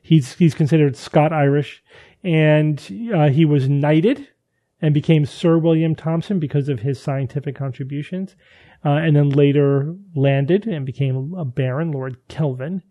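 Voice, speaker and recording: A man's voice: fairly high pitch, measured pace, dull audio. A man hosting a casual science podcast, reading out listener emails and acting out quotes with lots of restarts. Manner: animated, acts out quotes, frequent restarts. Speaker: podcast host.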